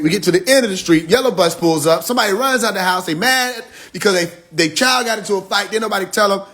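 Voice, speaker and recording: A man delivers a loose, emphatic livestream monologue packed with profane slang, racing ahead in bursts and then drawing words out. His voice is high-pitched and fairly bright, fast with few pauses.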